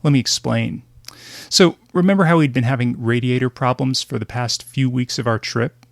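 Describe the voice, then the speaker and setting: A man's voice: medium pitch, moderate pace, creaky, no room sound. A man narrating his travel podcast in a scripted, wry storytelling manner with dry humor.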